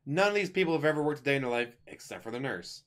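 A man's voice: mid-range voice, expressive, very fast, fairly bright tone. Rambling, jokey man reviewing a movie. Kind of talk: casual spoken movie review.

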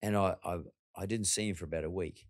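A man's voice: deep voice, steady tone, fast, no room sound, studio quality. A middle-aged man hosting a podcast, telling a candid story in a blunt, reflective way and swearing freely. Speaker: podcast host.

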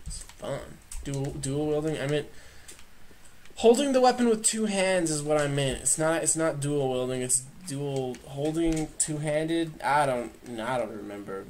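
A woman's voice: extremely low pitch, slight background noise. A woman playing a video game and chatting casually, playful and goofy, talking back at the game. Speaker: gamer. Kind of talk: casual let's play commentary.

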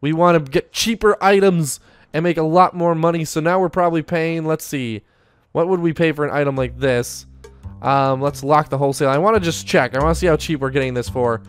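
A man's voice: on the high side, brisk, smooth, faint music behind. A young man giving casual, upbeat Let's Play commentary as he plays, often talking to his viewers directly. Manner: chatty, upbeat, talks to viewers as "you guys". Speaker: gaming YouTuber.

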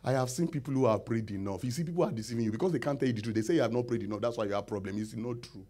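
A man preaching a sermon as pastor, swinging between loud shouts and low near-whispers, acting out pleading prayers. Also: rapid-fire. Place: church hall.

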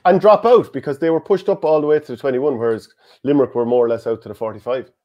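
Irish guy co-hosting a sports podcast, goes on in long detailed breakdowns, normal pitch voice. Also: quick pace, lo-fi sound. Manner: talks in long, detailed analytical runs. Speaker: co-host. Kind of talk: casual sports analysis chat.

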